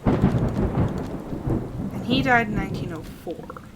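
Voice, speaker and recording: A young woman streaming a horror game live, working slowly through puzzles and breaking into frightened exclamations. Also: medium pitch, lively intonation, very noisy. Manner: jumpy, frightened exclamations between slow puzzle-solving. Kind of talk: live gameplay commentary.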